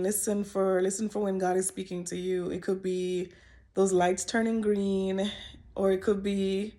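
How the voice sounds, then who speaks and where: A woman vlogger telling a personal story in a candid, emotional way, using casual slang and frequent pauses. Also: on the low side, darkish tone.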